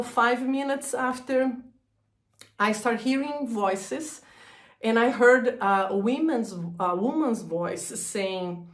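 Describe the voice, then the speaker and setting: A woman telling a personal story about a breakdown, halting and emotional, laughing through hard memories. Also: fairly high pitch, roomy sound. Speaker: energy healer sharing her story.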